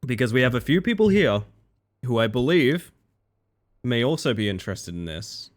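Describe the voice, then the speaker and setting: Speaking at a normal speed in a mid-range voice, this man chats through his live game stream late at night. He sounds sleepy and relaxed, reading chat aloud and responding between moves.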